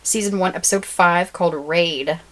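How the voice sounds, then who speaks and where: A woman's voice: fairly low pitch, moderate pace, fairly bright tone. Dry, teasing American woman. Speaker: podcast co-host. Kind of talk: casual chat.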